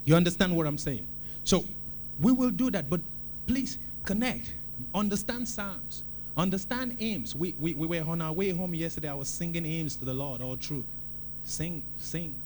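A man preaching a sermon in a church, talking in an animated, conversational way and repeating phrases for emphasis. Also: fairly high pitch, moderate pace, a little hiss or hum. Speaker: pastor.

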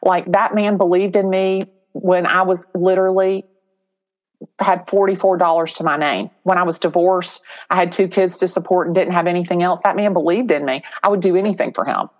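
Middle-aged female agent, expressive storyteller, slightly low voice. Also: brisk. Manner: animated storyteller, acts out quoted voices. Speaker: real estate agent, guest. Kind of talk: interview storytelling.

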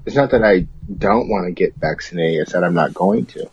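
A man co-hosting a comedic chat in a dry, deadpan and dismissive manner. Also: low voice, fairly quick, a little hiss or hum. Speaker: co-host. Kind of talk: campy comedic banter. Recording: dull, muffled recording.

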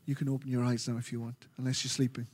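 An Australian man preaching a sermon as pastor, animated and joking with his congregation. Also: medium pitch. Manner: animated, jokey preaching with quick asides. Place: large church hall. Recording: reverberant church hall.

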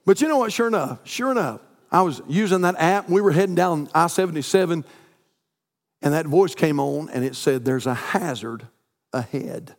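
A man, preaching a sermon as pastor, climbing to near-shouts and dropping to soft prayer. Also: high-pitched, animated, brisk. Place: church sanctuary. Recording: long reverb in a church hall.

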